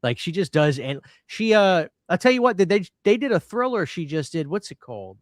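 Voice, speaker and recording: A man co-hosting a live-streamed podcast, talking in a chatty, animated way and often cutting in on his guest. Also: high-pitched, a little fast, no room sound, clean studio sound. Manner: animated, chatty, talks over others. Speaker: podcast co-host. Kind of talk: casual live-stream chat.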